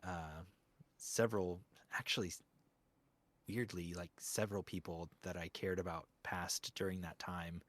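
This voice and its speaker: A man's voice: low-pitched, fairly even intonation, unhurried, fairly bright tone, no room sound. A man, a voice actor, talking reflectively in a casual interview, rambling with lots of fillers. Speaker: guest voice actor.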